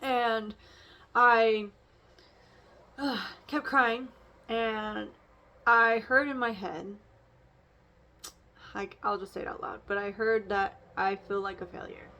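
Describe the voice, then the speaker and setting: A woman's voice: on the high side, fairly even intonation, slow pace, long pauses, pushed and bright. A young woman casually talking through an oracle card reading and her feelings, rambling, with frequent fillers and restarts. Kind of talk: casual reflective vlog.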